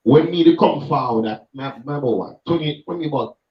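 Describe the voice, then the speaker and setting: A man's voice: mid-range voice, brisk. Emphatic Jamaican man, echoey and distant. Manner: emphatic, preachy, speaks in patois. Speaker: street gospel minister. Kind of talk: passionate reasoning conversation. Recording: echoey, distant, muffled sound.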